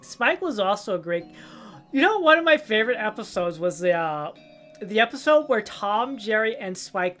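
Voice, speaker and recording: Young woman, casual stream chat, rambling animated storyteller, mid pitch, faint background music. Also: fairly quick. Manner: rambling, animated storytelling with goofy character voices. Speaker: livestreamer.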